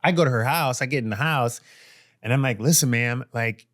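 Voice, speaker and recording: A man's voice: mid-range voice, quick pace, dry recording, studio quality. A man guest-hosting a casual show, telling a long, profane story and acting out the people in it. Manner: animated, profane storytelling with quoted voices. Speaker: guest co-host.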